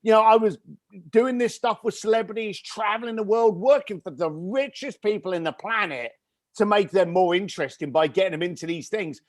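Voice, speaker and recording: A man guest on a podcast, telling a personal story in an animated way and acting out the voices of his family. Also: high-pitched, fairly quick, no room sound, studio quality. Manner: animated storyteller who acts out family dialogue. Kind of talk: storytelling interview.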